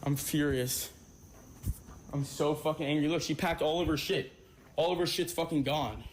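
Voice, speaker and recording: A man's voice: a little high, moderate pace. A man in a streamed clip, ranting furiously and swearing constantly. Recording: echoey room with faint background noise.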